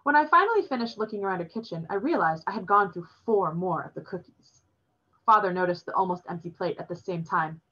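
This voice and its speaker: A woman reading a novel aloud in a plain, steady storytelling manner, recorded with dull lo-fi sound. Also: on the low side, brisk, breathy edge.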